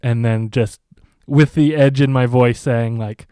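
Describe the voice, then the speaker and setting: A man playing a tabletop game, talking in a relaxed, decisive way. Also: mid-range voice, measured pace, clean tone, no room sound, clean studio sound. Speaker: player. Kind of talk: casual tabletop game play.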